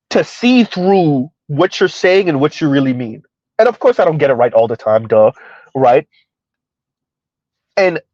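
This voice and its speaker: A man with a somewhat high voice gives casual live-stream commentary in a rambling, conversational way, often tagging lines with "right?". The sound is dry and a little dull, like a lo-fi home mic. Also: a little mellow, dry recording. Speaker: commentary streamer reading chat.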